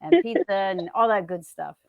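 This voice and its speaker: A woman's voice: mid-range voice, sing-song, normal speed, creaky, lo-fi sound, a crowd in the background. A sociable woman from New Jersey, a podcast host who is a guest on a casual video-call interview, chatting and laughing easily.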